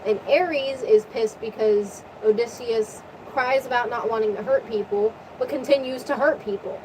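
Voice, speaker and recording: A woman retelling a story in a casual, profane, animated rant, her voice tiring from long talking. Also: on the high side, background noise. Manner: animated, profane, rapid recap. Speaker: vlogger.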